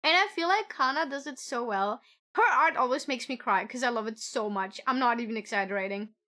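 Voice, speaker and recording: A woman streamer chatting casually at home into a desk microphone, gushing with excitement, giggling often and swearing casually. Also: a little high, brisk. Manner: gushing and excitable, squealing with delight. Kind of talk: casual live-stream chat.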